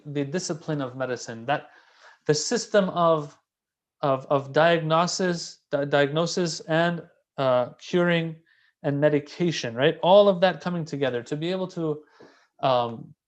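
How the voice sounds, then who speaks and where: A man giving a casual, conversational religious lecture, animated and repeating key phrases for emphasis. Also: fairly high pitch. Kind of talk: casual sermon explaining a classical text.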